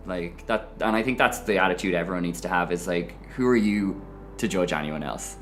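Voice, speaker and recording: A fairly low-voiced Irish man speaks candidly and with animation as he tells his own story. Faint music plays underneath. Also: brisk. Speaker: interviewee. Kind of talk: personal storytelling.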